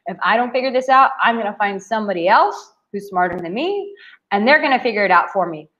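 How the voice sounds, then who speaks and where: A woman's voice: mid-range voice, expressive, fast talker, a bit bright, highs cut off. A woman dating coach giving blunt, profane advice to camera in a brash, emphatic way.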